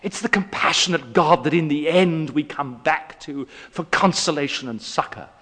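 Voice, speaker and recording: A man giving an evening lecture on poetry, telling stories with a husky voice and wide swings of pitch. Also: normal speed. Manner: expressive storyteller, pitch swinging widely. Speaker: guest lecturer. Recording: echoey hall.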